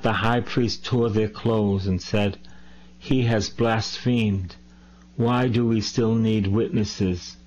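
A man preaching a sermon, reading scripture slowly and deliberately with emphatic asides. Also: lowish voice, slight background noise. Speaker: priest. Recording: dull lo-fi recording.

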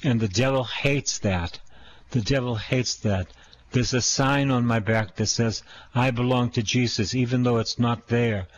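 Male priest, sermon delivery, mid-pitched, emphatic and repetitive, dull lo-fi sound. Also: fairly even intonation, unhurried. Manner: emphatic, repeating phrases and asking the congregation questions.

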